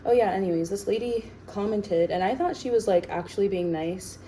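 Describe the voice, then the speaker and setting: A woman actor chatting casually while baking in her home kitchen, sassy and full of "like" fillers, in a tired, lower sleepy voice. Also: fairly quick, mellow, a little hiss or hum, low-quality recording.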